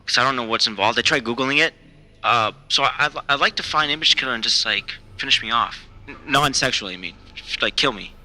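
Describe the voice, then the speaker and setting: A man's voice: medium pitch, quick pace, pushed and bright, low-quality recording. An actor playing a clueless, desperate young male comedian who calls in to a podcast, rambling and stammering as he talks. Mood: pleading. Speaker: caller.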